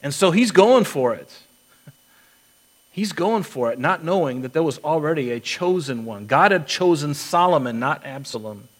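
A man's voice: fairly high pitch, animated, moderate pace, poor audio. A man preaching a sermon as a pastor, earnest, acting out quotes and often restarting his sentences.

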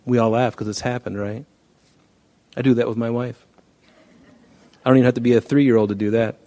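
A man preaching a sermon in an easy, conversational way. His voice sits at an ordinary middle pitch. He talks plainly to the congregation and sometimes slips into the voices of people in a story. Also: fairly even intonation, fairly quick, long pauses, dark tone. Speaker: pastor.

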